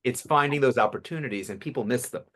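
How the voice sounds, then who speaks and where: A man in his fifties, a public speaking coach interviewed as a guest, telling stories with animated delivery. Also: medium pitch, fast. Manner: animated storyteller, acts out voices. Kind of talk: casual podcast interview.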